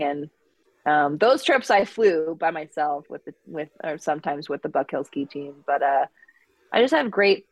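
A woman's voice: deep voice, darkish tone, no echo. A woman from Minnesota with a Minnesota accent, a guest in an interview, talking in a rambling way with many fillers and restarts. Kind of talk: conversational interview.

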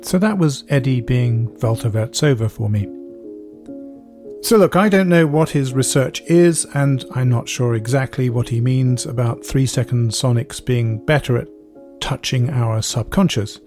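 A man hosts a podcast, explaining ideas in a measured, scripted narration. His voice sits in a middle pitch and his delivery stays thoughtful. Faint music plays under him at times. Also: a little mellow. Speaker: podcast host.

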